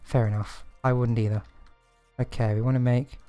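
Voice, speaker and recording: A man's voice: medium pitch, level tone, moderate pace, mellow, faint music behind. A man streaming a game, chatting to himself and his viewers in a casual, self-deprecating way. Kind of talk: casual gameplay commentary.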